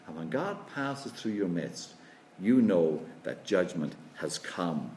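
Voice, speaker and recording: A man's voice: medium pitch, darkish tone, roomy sound. A man preaching an expository sermon, quoting scripture and driving points home with rhetorical questions.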